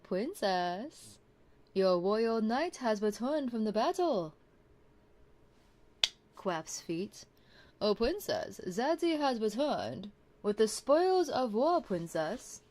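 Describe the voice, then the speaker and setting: A woman voicing a humble, devoted knight in a whispered role-play, speaking softly in formal, courtly address. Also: on the high side, very animated, slow pace, long pauses, a little hiss or hum. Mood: doting. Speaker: streamer.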